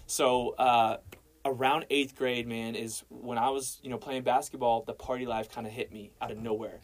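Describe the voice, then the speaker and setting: A man's voice: mid-range voice, fairly even intonation, normal speed, poor audio. A young man sharing his personal faith testimony as a guest, telling it casually and dropping "man" and "bro" along the way. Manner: casual, storytelling, peppers speech with "man" and "bro".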